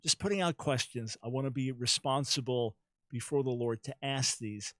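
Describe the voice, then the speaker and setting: Male radio talk host, earnest and preacherly, mid-pitched voice, dry studio sound. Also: normal speed, a bit bright, no echo. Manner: earnest, repeats words as he speaks; preacherly appeal to listeners.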